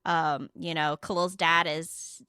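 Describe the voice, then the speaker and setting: Woman, young adult, podcast co-host, casual storytelling, profane, bright tense voice, dry close sound. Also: low voice, slow pace, clear, resonant tone, dry recording. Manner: profane, animated retelling with quoted dialogue.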